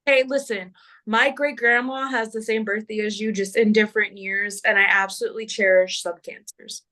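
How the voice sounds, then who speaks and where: A woman's voice: medium pitch, fairly even intonation, normal speed, sharp tone. A woman with a Kentucky accent co-hosting a live astrology stream in a casual, bubbly, chatty way. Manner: bubbly, uses y'all.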